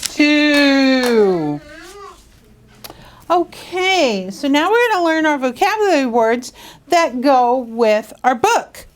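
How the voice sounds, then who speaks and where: A woman teaching young students phonics in a school classroom, drawing words out slowly and asking coaxing questions. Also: high-pitched, very animated. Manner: slow, drawn-out, coaxing questions.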